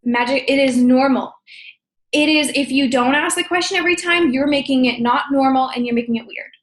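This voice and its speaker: A woman coaching her sales team in a casual, upbeat way, often checking in with "okay?". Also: sits high. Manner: upbeat, talks fast with frequent "okay?" check-ins. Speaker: team leader training sales associates. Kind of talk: casual training talk. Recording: echoey room.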